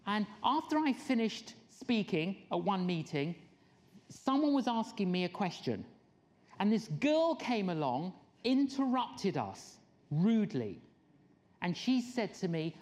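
A woman's voice: mid-range voice, normal speed. Lady preacher telling stories, voice swoops all over, acts out the people she quotes. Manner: animated storyteller, acts out quoted people with laughs. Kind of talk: sermon storytelling.

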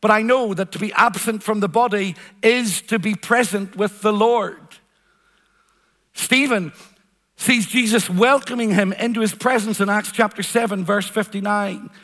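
A man's voice: high-pitched, a little slow, fairly bright tone. A man preaching a sermon, earnest and emphatic, repeating phrases for weight. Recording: long hall reverb.

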